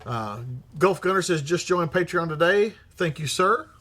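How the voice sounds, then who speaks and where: A man's voice: sits high, animated, moderate pace, bright, forceful tone. A middle-aged man hosting a livestream, reading viewer comments aloud in a blunt, profane manner and laughing often. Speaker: livestream host.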